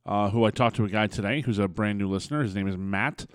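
A man's voice: lowish voice, fast talker, clear, resonant tone, no room sound. A man co-hosting a casual podcast, playful and teasing, who likes doing voices. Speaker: podcast co-host. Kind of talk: casual chat.

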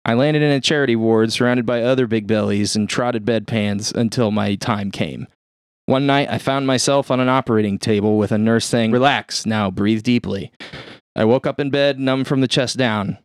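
A man reading a first-person story aloud in a steady, plain-spoken way. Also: medium pitch, normal speed, smooth, no echo, studio quality. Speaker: reader.

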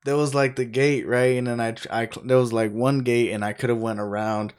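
A man's voice: mid-range voice, steady tone, a little fast, clear, resonant tone. A man co-hosting a podcast, telling a story in profane, laughing casual chat. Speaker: podcast co-host.

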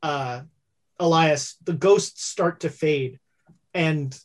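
Slow, halting game master. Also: medium pitch. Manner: halting, with many fillers. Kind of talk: narrating a tabletop horror game.

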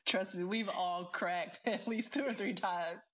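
A woman's voice: medium pitch, measured pace, fairly bright tone, slightly rough, rough recording. A woman hosting a podcast, encouraging her guest and laughing often in casual chat. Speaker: podcast host. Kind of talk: casual conversational interview.

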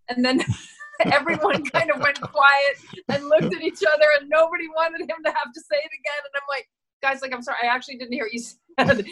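A middle-aged actress telling stories in a casual interview, animated and laughing, acting out the voices she quotes. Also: sits high, low-quality recording. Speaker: actress and guest.

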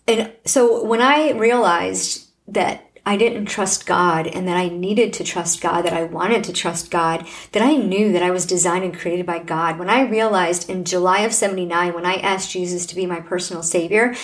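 A woman's voice: on the low side, normal speed, few pauses. A middle-aged woman hosting a podcast, sharing a personal faith testimony in an earnest, heartfelt, preaching manner. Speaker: podcast host.

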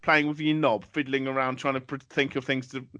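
Man, podcast co-host, exasperated and sweary, bright forceful voice, dry close sound. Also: mid-range voice, little pitch movement, fairly quick, dry recording, lo-fi sound. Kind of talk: casual comedy podcast banter.

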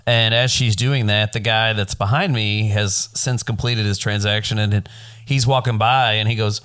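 A man co-hosting a podcast, telling a story in a laid-back, profane, animated way. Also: on the low side, moderate pace, smooth. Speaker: podcast co-host. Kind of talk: casual storytelling chat.

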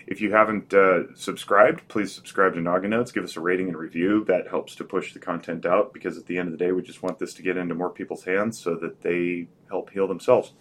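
A man's voice: low-pitched, fairly even intonation, brisk, hardly any pauses. A man hosting a podcast in a casual, rambling way, full of fillers and restarts. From Northern Nevada. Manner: rambling, self-correcting, with many fillers. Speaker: podcast host.

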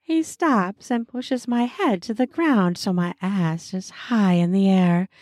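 A woman narrating a first-person erotic audio story in a breathy, intimate voice. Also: mid-range voice, slow pace, dry recording, studio quality. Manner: breathy and intimate, slipping into soft moans.

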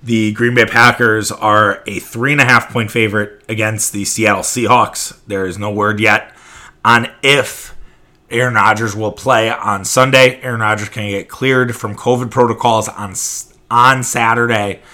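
Bright, emphatic male sports podcaster. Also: fairly low pitch, steady tone, unhurried. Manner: emphatic, opinionated, swears freely. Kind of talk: casual sports commentary.

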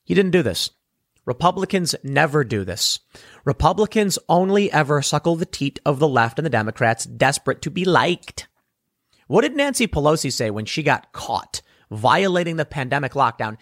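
A man's voice: a little high, animated, moderate pace, fairly bright tone, no echo, studio quality. A young adult man delivering a blunt, sarcastic solo commentary segment, scornful and ranting. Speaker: political commentator.

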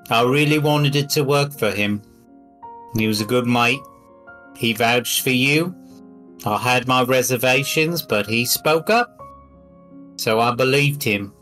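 A man's voice: mid-range voice, pushed and bright. A man playing a murder mystery game in character as an aggrieved business partner, blustering and breaking off to check his notes. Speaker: player. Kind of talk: murder mystery role-play.

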